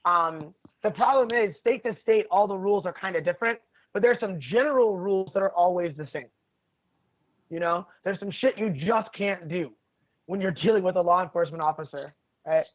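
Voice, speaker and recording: A man who teaches jiu-jitsu tells stories as a podcast guest in a casual chat, blunt and profane, and laughs often. His voice is high-pitched and fairly quick, and the recording has a tinny, phone-like quality.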